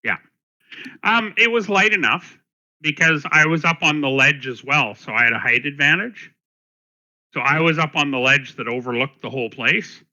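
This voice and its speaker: A man's voice: fairly high pitch, moderate pace, bright, forceful tone, poor audio. A man playing a tabletop game, casually describing what his character does and sees. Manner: casual, laughs easily, drops into his character's voice. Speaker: player. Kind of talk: tabletop game play over voice chat.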